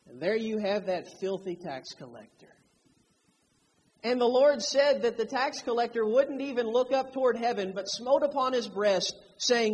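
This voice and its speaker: A man's voice: very high-pitched, lively intonation, moderate pace, slightly rough. A man preaching a sermon, emphatic, drawing out key phrases to stress them. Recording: long hall reverb.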